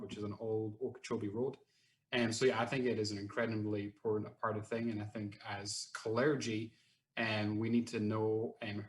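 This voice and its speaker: A man with a Brooklyn accent, a pastor answering a panel question earnestly, pausing often with ums. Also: fairly low pitch. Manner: earnest, thoughtful, frequent ums.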